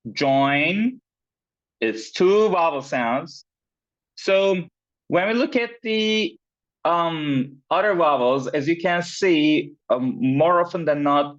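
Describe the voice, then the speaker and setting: Male pronunciation teacher, slow and patient, filler-heavy, lo-fi video-call sound. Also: mid-range voice. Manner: slow, with many fillers and repeated words, checking in with "right?". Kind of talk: online class lesson. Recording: dull, lo-fi sound.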